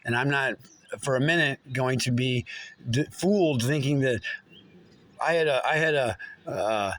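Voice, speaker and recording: A man's voice: medium pitch, measured pace, fairly bright tone. A man ranting in a casual monologue, rambling and agitated, with plenty of swearing.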